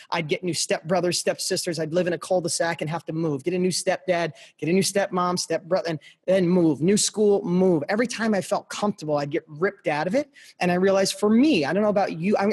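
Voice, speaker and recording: A middle-aged man guesting on a podcast, telling a personal story in a passionate, emphatic motivational style and speaking straight to the listeners. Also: fairly high pitch. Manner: passionate, emphatic, repeats phrases for punch.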